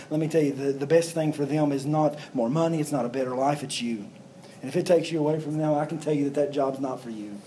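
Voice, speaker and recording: Fervent male pastor preaching, mellow tone. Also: fairly high pitch, fast talker, rough recording. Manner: preaching with rising emphasis and repeated phrases. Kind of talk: sermon.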